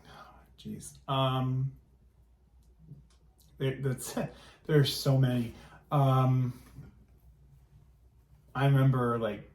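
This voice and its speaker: A man's voice: mid-range voice, level tone, very slow, pauses often, darkish tone, reverberant. A man who is a guest on a podcast, reminiscing in a rambling, fond way. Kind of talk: casual chat.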